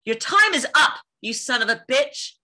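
A woman's voice: extremely high pitch, very slow, bright, forceful tone, voice pushed up, heavily acted. A woman voicing a determined young female field agent from a video game, calling out urgently. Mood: fierce. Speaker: voice actress re-enacting her game role.

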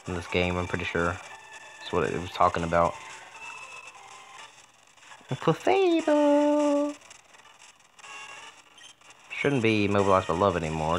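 Against some background noise, a man's low voice offers casual commentary on a video game. He keeps joking, cursing, and answering the game back directly.

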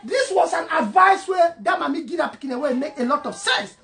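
A woman with a Cameroonian English accent mixed with Pidgin, delivering an impassioned monologue, emphatic and repetitive, swinging between loud and soft. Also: high-pitched, lively intonation, a little fast, vocal fry. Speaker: online commentator.

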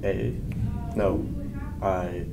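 A man's voice: sits low, steady tone, vocal fry, noisy background. Hesitant teen boy sounding out words. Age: teenager. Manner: hesitant, sounding out letters slowly. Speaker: student. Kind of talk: reading aloud in class. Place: school classroom.

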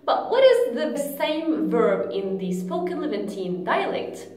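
A woman teaching a language lesson, repeating each word slowly and clearly. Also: a little high, huge pitch swings, darkish tone, echoey room. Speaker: Arabic teacher.

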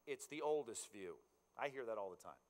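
A man's voice: mid-range voice, expressive, fairly quick. A man preaching a sermon as pastor, in a conversational way that keeps checking in with his listeners. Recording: long reverb in a large hall.

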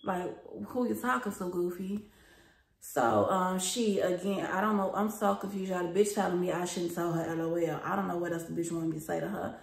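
A woman's voice: lowish voice, fairly even intonation, fairly quick, vocal fry, hardly any pauses. A young woman vlogger telling a story in casual chat, talking straight to her viewers and swearing freely. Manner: chatty and profane, addresses viewers as y'all. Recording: roomy echo.

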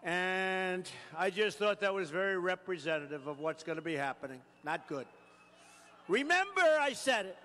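A man's voice: sits high, sing-song, normal speed, sharp tone, slight background noise. A man who is a political candidate, giving an emphatic campaign rally speech at a podium mic and repeating phrases for effect. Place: large rally venue. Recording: long reverb of a large rally hall.

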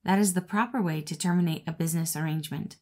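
A woman's voice: deep voice, quick pace, a little mellow. A woman voicing a sly, peevish female cat in a storybook reading, with a smug, purring manner. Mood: scheming.

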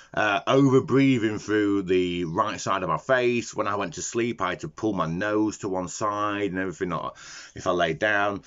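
A man's voice: on the low side, a bit bright. Rambling man vlogging. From Yorkshire. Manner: rambling, laughing and swearing freely. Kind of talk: casual chat to camera. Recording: muffled lo-fi sound.

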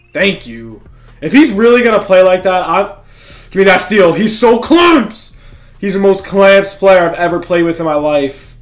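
A young man talks over his video game as he plays, excitable and often frustrated, tossing out slang. His voice sits a bit high for a man, and faint music plays behind him. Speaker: gaming YouTuber. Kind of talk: live gameplay commentary.

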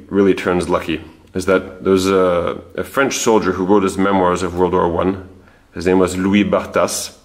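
A man hosting a history video, explaining his research in a casual, thinking-aloud way with frequent restarts. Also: deep voice. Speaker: history channel host. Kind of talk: casual spoken history presentation.

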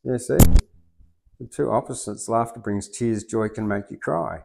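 An Australian man hosting a poetry open mic, who chats loosely with many fillers and then reads rhyming verse loudly and rhythmically. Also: lowish voice, moderate pace, vocal fry. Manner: loose and rambling, with many fillers, swinging into loud rhythmic recitation. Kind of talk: reciting rhyming poetry and rambling chat.

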